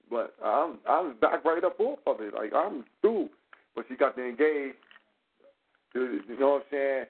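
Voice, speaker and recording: A man telling a story in casual radio talk, animated and profane, acting out the dialogue as he goes. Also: medium pitch, moderate pace. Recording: phone-like radio line.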